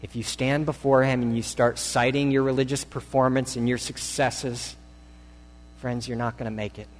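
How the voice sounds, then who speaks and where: A man's voice: mid-range voice, little pitch movement, moderate pace, slight background noise. A male pastor preaching a sermon in a conversational, storytelling way. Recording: long hall reverb.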